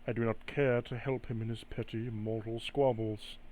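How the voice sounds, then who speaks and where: A man voicing a scheming spirit bound to a cube that offers deals, speaking slowly and smoothly in a coaxing way. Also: medium pitch, level tone, darkish tone, slight background noise, lightly acted. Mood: reasoning.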